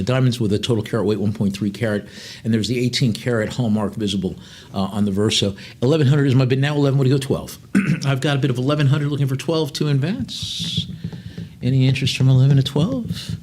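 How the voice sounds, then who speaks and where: A man working as an auctioneer, calling bids in a live auction and drifting into chatty asides with lots of fillers. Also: mid-range voice. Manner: chatty, digressive, many fillers between bid calls.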